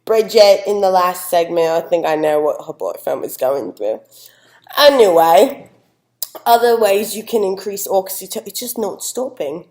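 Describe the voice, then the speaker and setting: A young woman plays a chatty, folksy Southern expert appearing as a guest in a mock news segment, rambling and talking to her dog in an echoey room. Her mid-range voice is expressive and a little mellow, at a moderate pace, close to how she'd normally speak.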